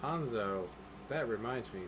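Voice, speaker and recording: A man's voice: lively intonation, measured pace, fairly bright tone, slight background noise. A young man playing a game and trading dry jokes with his co-host. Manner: wry, joking, swoops between high and low. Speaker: gaming co-host. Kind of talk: casual let's-play chat.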